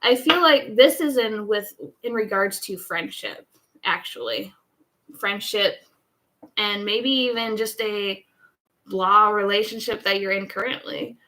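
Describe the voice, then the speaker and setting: A woman's voice: mid-range voice, expressive, unhurried, bright, forceful tone, poor audio. A woman giving a live tarot reading in a casual, chatty way, often restarting her sentences. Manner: chatty, rambling, many restarts and laughs. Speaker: tarot reader.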